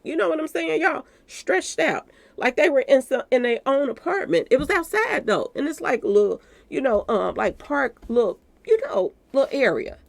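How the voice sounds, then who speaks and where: A woman with a gravelly, slightly high voice hosts a commentary channel, chatting casually and directly to her viewers and saying "y'all" again and again. The recording has no echo.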